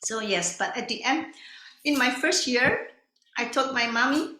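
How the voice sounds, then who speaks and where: Bright-voiced woman in her fifties, echoey. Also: a little high, unhurried, slight background noise. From Indonesia. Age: 50s. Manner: animated storytelling with frequent laughs. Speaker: guest ballet teacher. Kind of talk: online panel talk, personal story. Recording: echoey room.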